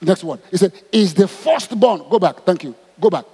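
A man's voice: high-pitched, moderate pace, slightly rough. A man with a Nigerian accent preaching a sermon, asking his congregation question after question. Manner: animated, asks the crowd questions. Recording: long hall reverb.

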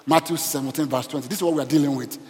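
A man's voice: on the high side, steady tone, very fast, darkish tone. A man preaching a sermon as pastor and asking the congregation questions as he goes. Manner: asks the congregation questions, preaching with call and response. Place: church hall. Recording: reverberant church hall.

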